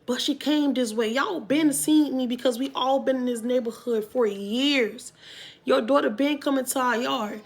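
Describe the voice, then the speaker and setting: A woman vlogger telling a storytime to her viewers in a casual, animated way, with emphatic loud bursts. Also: high voice.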